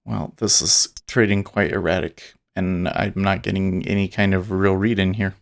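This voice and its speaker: Gravelly low-voiced man streaming trades. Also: flat delivery, normal speed. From Utah. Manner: chatty, rambling, with restarts and chuckles. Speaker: day trading streamer. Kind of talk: casual live-stream trading commentary.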